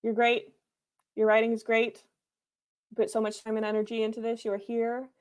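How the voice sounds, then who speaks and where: Woman host, higher voice, home livestream, earnest repeated affirmations, playful. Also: monotone, normal speed, clean tone. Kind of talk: encouraging pep talk to viewers.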